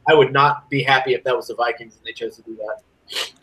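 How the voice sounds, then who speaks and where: A man co-hosts a sports podcast, talking a little fast over poor audio. He chats casually and rants with animated energy that swings from loud to low.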